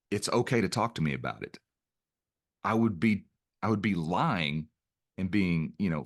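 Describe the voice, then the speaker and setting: Podcast guest, middle-aged man, low pitch, earnest storyteller who restarts his sentences. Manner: earnest, stops to restart phrases. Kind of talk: reflective interview storytelling.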